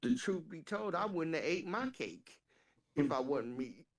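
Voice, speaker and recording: A woman co-hosting a casual chat, telling animated, profane stories and laughing through them. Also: sits low, normal speed.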